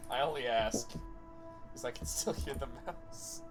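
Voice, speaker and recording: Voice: mid-range voice, unhurried, faint music behind. A streamer playing a game live, chatting casually and teasing with dry jokes.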